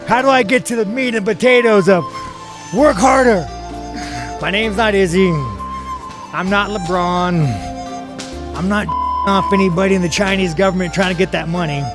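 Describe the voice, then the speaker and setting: A man's voice: high-pitched, steady tone, moderate pace, pauses often. A man joking crudely in casual chat. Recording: music clearly behind voice.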